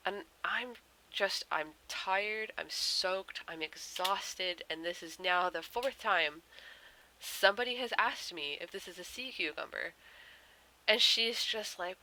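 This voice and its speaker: A young woman telling a rambling anecdote while she draws, full of fillers and deadpan punchlines. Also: lowish voice, unhurried, slight background noise, rough recording. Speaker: artist vlogger. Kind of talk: casual storytelling while drawing.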